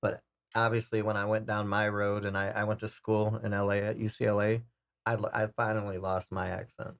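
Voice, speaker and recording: Man host from Detroit, lowish voice, loose stumbling chat. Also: little pitch movement, fairly quick. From Detroit, USA. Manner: stumbling, restarts a lot, easygoing. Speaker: podcast host. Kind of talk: casual chat.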